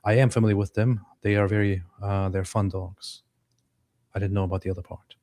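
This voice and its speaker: A man from Turkey co-hosting a livestream, reading viewer comments aloud in a relaxed, chatty way. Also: on the low side, a little fast. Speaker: co-host reading chat. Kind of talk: casual livestream chat.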